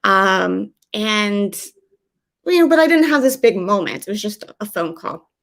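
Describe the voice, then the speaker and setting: A woman's voice: sing-song, unhurried, a bit bright. A young woman from the US telling a true first-person story, acting out the quoted lines of the people in it. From USA. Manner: conversational, acts out quoted dialogue with shifts in pitch.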